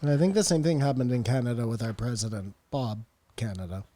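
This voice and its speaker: A man's voice: mid-range voice, quick pace, warm tone. A man co-hosting a podcast in casual chat, throwing in dry, teasing jokes. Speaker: podcast co-host.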